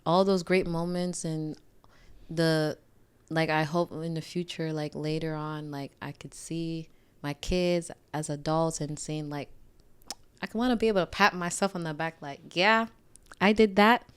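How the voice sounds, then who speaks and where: A young woman, a mother, giving casual advice in a reflective, lively way. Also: deep voice, a little slow, clean tone. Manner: reflective, animated when acting out inner voices. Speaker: guest mother.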